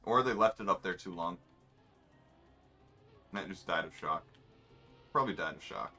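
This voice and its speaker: A gamer streaming a race keeps up casual commentary, rambling through wry, offhand asides about his racing game. His low voice has lively intonation and a sharp edge at a normal pace, with faint music in the background.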